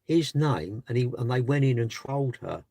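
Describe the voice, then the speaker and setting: A man's voice: mid-range voice, lively intonation, moderate pace, vocal fry, a little mellow, no room sound. A man chatting on a live stream from his parked car, rambling and asking rhetorical questions. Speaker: livestreamer. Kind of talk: casual live stream chat.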